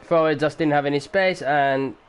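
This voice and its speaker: A man doing amateur commentary on a sim race at home, excitable at times, swearing now and then, and keeping his voice down for the neighbours. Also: on the high side, brisk, smooth. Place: home room.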